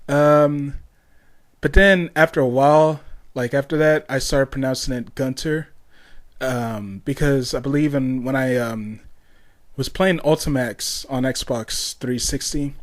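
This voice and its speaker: A man's voice: mid-range voice, slow pace. Rambling young man on a solo podcast. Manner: rambling, with many fillers, restarts and tangents. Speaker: podcast host. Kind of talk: casual solo podcast monologue.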